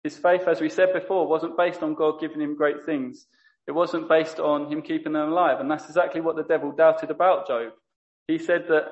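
Male lay preacher, earnest and self-correcting, higher monotone, muffled recording. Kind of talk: sermon.

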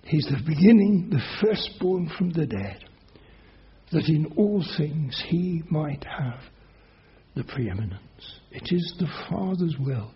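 A man's voice: on the high side, dull audio. A man preaching a sermon as pastor, earnest and emphatic, pressing his listeners with rising questions.

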